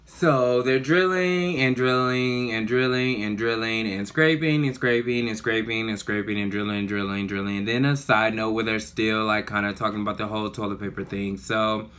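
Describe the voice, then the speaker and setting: Man, casual vlogger, low pitch, bright edgy tone, chatty. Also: moderate pace, few pauses, clear, resonant tone. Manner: chatty, animated, lots of fillers. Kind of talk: casual storytelling vlog.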